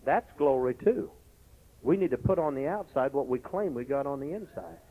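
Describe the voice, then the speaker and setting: A man preaching a lively sermon as pastor, breaking into shouted exclamations between stories and scripture reading. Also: mid-range voice, normal speed. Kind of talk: Pentecostal-style sermon. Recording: lo-fi recording.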